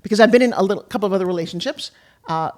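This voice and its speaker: A woman's voice: medium pitch, darkish tone. An older woman speaking as a podcast guest in a heartfelt, emotional conversation, at times close to tears. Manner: fast, heartfelt, tearful at times. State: tearful.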